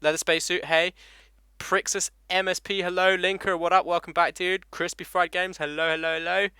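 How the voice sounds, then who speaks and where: A man's voice: high-pitched, flat delivery, brisk, bright, forceful tone, clear, resonant tone, no echo. A young man with an English accent hosting a casual motorcycle live stream, swearing freely and laughing as he greets viewers by name. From England. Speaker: motovlogger host.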